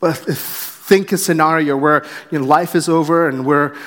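A man's voice: fairly high pitch, steady tone, normal speed, a bit bright, big-room sound. A pastor preaching a sermon in an earnest way, acting out short quotes and restarting his phrases as he goes. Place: church sanctuary.

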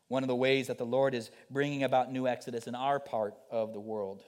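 A man preaching a sermon as a missionary speaker, rising to urgent pleas and dropping to soft, quiet lines. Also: medium pitch, little pitch movement, a little fast. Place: church.

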